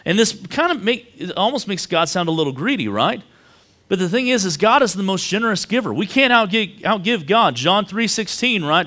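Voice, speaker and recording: A man's voice: high-pitched, lively intonation, fairly quick, bright, forceful tone. Male pastor, thirties, chatty sermon delivery, keeps tagging lines with "right?". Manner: conversational, tags lines with "right?".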